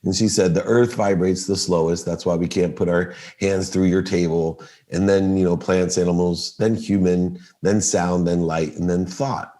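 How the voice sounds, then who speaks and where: A man's voice: sits low, normal speed, hardly any pauses. A middle-aged man telling a story in a casual podcast interview, acting out the lines of the people in it. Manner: animated storyteller, acts out quoted dialogue. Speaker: podcast guest.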